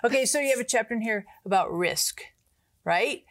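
A woman's voice: on the high side, lively intonation, normal speed. A woman co-host of a faith talk show, asking questions eagerly and chiming in with short affirmations. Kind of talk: interview chat.

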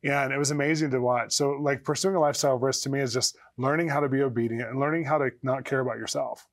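A man speaks fast and animatedly as a guest on a faith talk show. He tells personal stories and acts out his own inner voice, at a middling pitch. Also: steady tone. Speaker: guest, prophet. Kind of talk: storytelling in a talk-show interview.

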